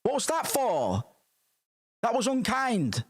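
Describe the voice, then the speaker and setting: A man streaming casually and reacting to music, rambling and excitable, with frequent swearing. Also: mid-range voice, moderate pace.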